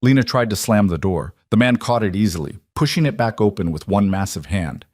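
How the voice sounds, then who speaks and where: Low guy reading a romance story, steady, dry sound. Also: fairly quick, no room sound. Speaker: narrator. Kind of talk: scripted romance story narration.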